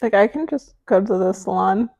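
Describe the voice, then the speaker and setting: A woman's voice: mid-range voice, expressive, normal speed, vocal fry, dark tone, highs cut off. A woman co-hosting a podcast, reacting to the story with wry asides. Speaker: podcast co-host. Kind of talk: casual chat, reacting.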